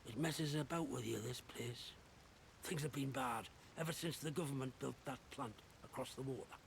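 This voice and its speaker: An actor voicing a wary, chatty male survivor in a game, with a gravelly, rambling way of talking. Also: mid-range voice, normal speed, slight background noise, natural voice. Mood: wary chatter. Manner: rambling, gossipy, suspicious of strangers. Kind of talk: video game dialogue.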